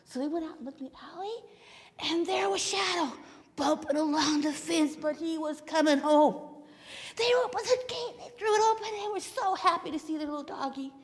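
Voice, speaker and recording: A woman telling a Bible story to children in church, animated, with hushed whispers. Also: high voice, brisk. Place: church sanctuary. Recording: long hall reverb of a church.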